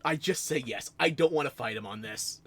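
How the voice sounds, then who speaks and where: A man's voice: medium pitch, moderate pace, fairly bright tone. A man from the United States with a New Jersey accent, chatting casually on a stream and telling self-mocking stories with frequent laughs.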